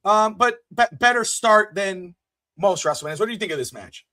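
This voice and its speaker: A man co-hosting a wrestling podcast, chatting casually in an excitable, animated way. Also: high-pitched, brisk, no room sound. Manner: excitable, animated, with playful bursts. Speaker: podcast co-host.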